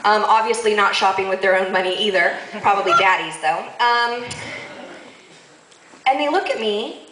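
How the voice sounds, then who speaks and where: A woman telling a comic story on stage to a live audience, sassy and quick to laugh, with lively asides. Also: medium pitch, roomy sound, noisy background.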